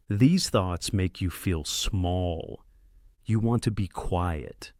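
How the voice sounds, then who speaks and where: A man hosting a podcast, giving a slow, clear, scripted English lesson to beginners in a deliberate, encouraging way that speaks straight to the listener. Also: low-pitched, darkish tone, no room sound, clean studio sound. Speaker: podcast host and English teacher.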